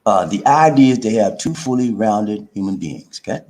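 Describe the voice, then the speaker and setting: Low-pitched, expressive and a little mellow, this South Carolina man talks at a moderate pace on his relationship advice livestream. He's playful but preachy, with rhyming chants and an "okay?" after each point, all in casual livestream style, recorded in an echoey room.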